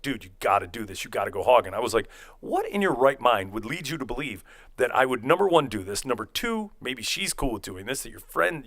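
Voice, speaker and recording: Profane man rambling through a story. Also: medium pitch. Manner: rambling, profane, animated retelling with acted-out quotes. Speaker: podcast host telling a story. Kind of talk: casual storytelling.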